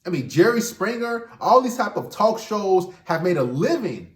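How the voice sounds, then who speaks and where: A man's voice: high-pitched, big pitch swings, moderate pace. A man talking straight to viewers in an emphatic casual monologue, often repeating words as he restarts. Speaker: relationship commentator and host. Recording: echoey room.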